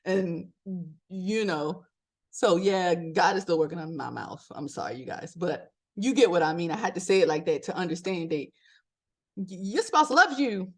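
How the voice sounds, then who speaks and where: A middle-aged woman from Maryland hosting a podcast in casual motivational talk, animated, laughing often and jumping up in pitch for emphasis. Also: moderate pace, slightly rough. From Maryland, USA. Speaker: podcast host.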